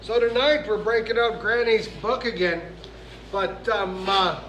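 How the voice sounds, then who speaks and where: Man, storyteller, high voice, casual, rambling asides, echoey room, faint noise. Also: a little slow.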